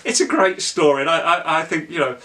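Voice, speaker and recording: A man's voice: on the high side, brisk, pushed and bright. A man co-hosting a casual children's book review, joking and teasing himself, with plenty of ums and uhs. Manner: jokey and self-mocking, with many fillers.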